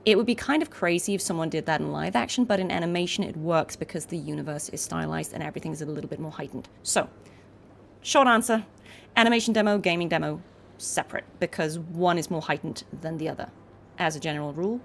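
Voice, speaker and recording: A woman's voice: sits low, fast, creaky, a little hiss or hum. A young adult woman voice actor chatting casually while playing a game, explaining and demonstrating voices. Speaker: voice actor and gaming streamer. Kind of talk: casual gameplay commentary.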